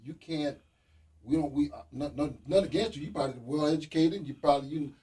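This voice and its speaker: A man's voice: a little high, fairly quick, dark tone. A man co-hosting a radio talk show in casual chat, joking and reacting with animation.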